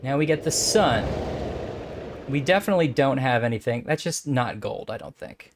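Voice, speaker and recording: A man's voice: mid-range voice, animated, normal speed. A man chatting casually while playing a puzzle game, musing and joking as he thinks aloud. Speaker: game player.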